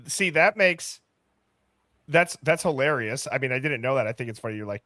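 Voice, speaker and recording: A man's voice: fairly high pitch, lively intonation, normal speed, bright, forceful tone, no echo, clean studio sound. A man hosting a live stream, chatting casually and thinking aloud as he reads comments. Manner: easygoing, thinks aloud while reading chat. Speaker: host.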